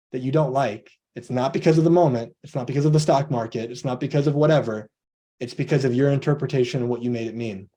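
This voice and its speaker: A man's voice: medium pitch, dark tone. A man giving a motivational coaching talk on a video call, earnest, acting out both sides of imagined conversations.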